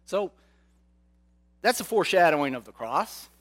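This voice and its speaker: A man preaching a sermon, slow and dramatic, often asking his listeners rhetorical questions. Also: sits high, sing-song.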